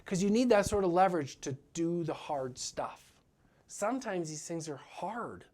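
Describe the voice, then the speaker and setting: A man's voice: high voice, lively intonation, normal speed, a little mellow. A man giving a motivational business talk as a practice coach, earnest and direct, often acting out what his clients say.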